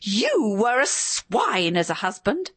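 A shrill, screeching dead wife's ghost, nagging and indignant, her voice climbing high and swooping wildly, as a woman reading a story puts her on. The sound is close and dry. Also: wildly swooping pitch, slow, fairly bright tone, slightly rough, no echo, exaggerated voice. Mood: shrill scolding. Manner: scolding, indignant.

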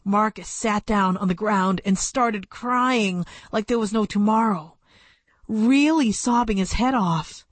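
The clip has a woman with a mid-range voice narrating a first-person story as an audiobook, plainly and at a measured pace. She's close to a studio microphone with no room sound.

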